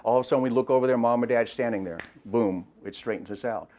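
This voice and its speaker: A man's voice: mid-range voice, fast talker, warm tone, slight background noise. A middle-aged man, a retired police officer, explaining things in an interview in a plain way and often repeating words as he thinks.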